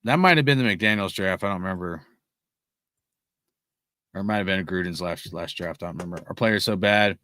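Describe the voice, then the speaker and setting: A man's voice: low voice, a little fast, long pauses, pushed and bright, no echo, clean studio sound. A young man hosting a live sports podcast, ranting heatedly and swearing constantly while he reads out chat messages. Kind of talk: profane casual sports rant.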